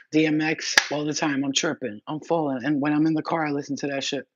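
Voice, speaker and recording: A woman's voice: sits low, fairly even intonation, fast, hardly any pauses. A woman chatting casually on a livestream, rambling, swearing freely and laughing often. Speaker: livestream host. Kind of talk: casual live-stream chat. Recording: muffled lo-fi audio with loud background noise.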